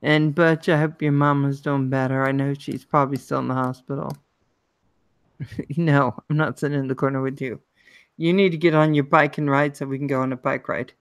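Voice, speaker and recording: A woman's voice: rumbling low, steady tone, normal speed, dry recording. A woman livestream host with a Maryland accent, chatting casually, reading viewer comments and greeting people by name.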